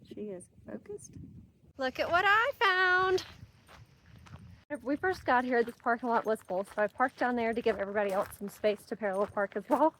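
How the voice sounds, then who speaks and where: A woman's voice: on the high side, lively intonation, moderate pace, fairly bright tone, a little hiss or hum. A young woman narrating her hiking vlog outdoors on a mountain trail, chatting upbeat to viewers and her dog. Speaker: vlogger.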